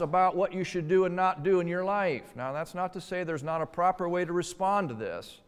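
A man preaching a sermon, swinging between emphatic rises and hushed, slow passages. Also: high-pitched, clear, resonant tone. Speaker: pastor. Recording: long hall reverb.

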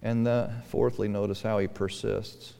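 A man's voice: fairly low pitch, level tone, measured pace, gravelly, dark tone, clean tone. A man preaching a sermon to a church congregation, earnest, his voice swelling and dropping for emphasis. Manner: earnest, rising and falling for emphasis, acted-out pleading quotes. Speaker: pastor. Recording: reverberant church hall.

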